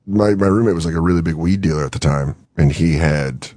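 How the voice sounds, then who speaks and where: A young man telling a wild story on a radio show, animated and quick to act out other people's lines. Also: low voice, no echo. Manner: animated storyteller, acts out quotes, laughs often. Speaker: comedian guest. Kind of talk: casual radio show chat.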